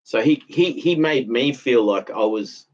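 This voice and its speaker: A man's voice: mid-range voice, animated, unhurried, darkish tone. A man, talking in a rambling, aggrieved monologue that circles back and repeats itself. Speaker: vlogger. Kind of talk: casual monologue. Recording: dull lo-fi audio.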